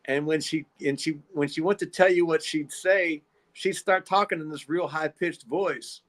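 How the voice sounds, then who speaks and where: A man's voice: a little high, normal speed, a bit bright. A man telling a long, rambling story in a casual podcast monologue. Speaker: podcast host.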